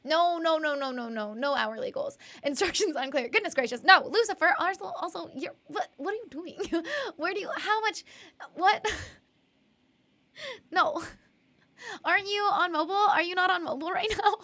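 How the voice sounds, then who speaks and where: Young woman, live-stream host, high voice, giggly, rambling, reading chat. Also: moderate pace, sharp tone. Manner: bubbly, giggly, rambling, reads chat aloud.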